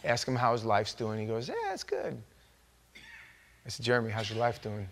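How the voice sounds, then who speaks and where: A male pastor delivering a sermon in a church. He preaches with lively storytelling, dropping to a quiet, conversational tone and then bursting out loud when he acts out the people he quotes. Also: on the low side, quick pace, a little hiss or hum. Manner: animated storytelling, acting out quoted voices with sudden loud outbursts. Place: church sanctuary.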